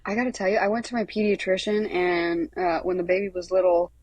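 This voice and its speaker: Husky, blunt-talking woman in her thirties. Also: lowish voice, fairly even intonation, brisk, a little mellow, dry recording. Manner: blunt, profane, enthusiastic. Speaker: podcast guest. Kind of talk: casual chat.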